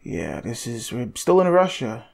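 A man's voice: medium pitch, measured pace, creaky, very noisy. Rambling man narrating his gameplay. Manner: rambling, joking, excitable outbursts. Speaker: gaming channel host. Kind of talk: casual gameplay commentary. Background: game music.

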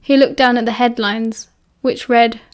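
British female audiobook narrator, steady and expressive, slightly higher voice. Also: a little slow.

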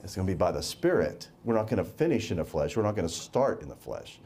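A man's voice: sits low, big pitch swings, fast talker, a little mellow. A man preaching a sermon, emphatic and repeating words for stress.

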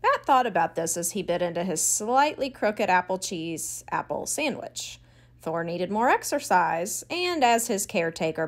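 A woman narrating a children's audiobook in a clear, expressive storytelling voice. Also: mid-range voice, normal speed.

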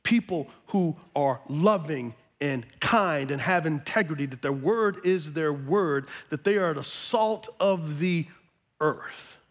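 High-voiced preaching man, loud to soft. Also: lively intonation. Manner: swings from soft, slow teaching to loud, rising preaching. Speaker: pastor. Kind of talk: sermon. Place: church auditorium.

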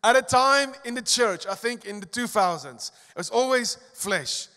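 A man preaching a sermon as a pastor, swinging between emphatic, rising lines and quiet asides. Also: very high voice, expressive, moderate pace. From South Africa. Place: large church hall. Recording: long church hall reverb.

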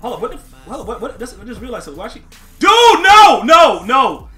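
A young man streaming a football video game, talking to his chat in loose slang and breaking into excited yelling. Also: high voice, rapid-fire, soft background music. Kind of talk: live gameplay commentary to chat.

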